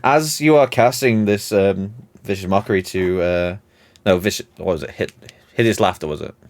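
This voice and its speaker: A man narrating as game master in an animated, rambling storytelling manner. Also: sits low, normal speed.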